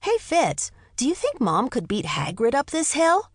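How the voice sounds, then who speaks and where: A woman narrator voicing a cheeky boy twin who teases his mother, in a lively audiobook reading. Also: unhurried, no echo, clean studio sound, full character voice. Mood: teasing. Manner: teasing, high boyish voice.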